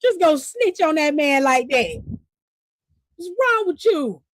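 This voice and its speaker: A woman hosting a live stream, recapping wrestling in casual chat, animated, profane and laughing often. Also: sits high, slow pace, no echo.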